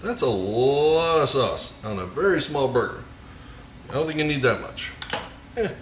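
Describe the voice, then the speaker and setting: A man's voice: mid-range voice, sing-song, a little slow, a little hiss or hum. Joking man tasting burgers in echoey kitchen. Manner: jokey, enthusiastic, savoring food with murmured mms. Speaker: home cooking video host. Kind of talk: casual cooking vlog with tasting. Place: home kitchen.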